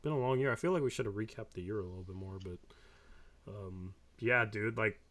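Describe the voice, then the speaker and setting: A man hosting a casual postgame chat, rambling and laughing often, his voice sometimes dropping soft and quiet. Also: on the low side, brisk. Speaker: podcast host.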